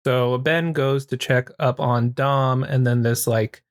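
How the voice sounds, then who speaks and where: Male podcast host, casual crude movie recap, average pitch, dry booth-like mic. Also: steady tone, takes it slowly, no room sound. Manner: crude, joking retelling with acted quotes.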